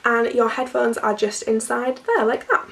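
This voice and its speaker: A young woman talks casually through an unboxing, her voice croaky from a cold with a gravelly edge. She chats in a loose, filler-heavy way. She sits a little back from the microphone. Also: on the high side, steady tone, moderate pace, a bit bright, recorded from a distance. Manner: chatty, filler-heavy, laughs often. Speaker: vlogger.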